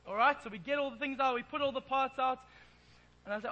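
A man's voice: extremely high pitch, fast talker, sharp tone, slight background noise, poor audio. An Englishman preaching in church, telling a self-deprecating, playful story. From England. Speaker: pastor. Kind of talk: sermon with humorous storytelling.

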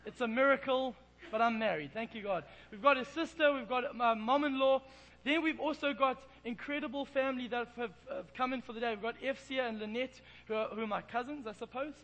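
High, bright-voiced English pastor. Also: male voice, a little fast, poor audio. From England. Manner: self-deprecating, playful storytelling. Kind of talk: sermon with humorous storytelling.

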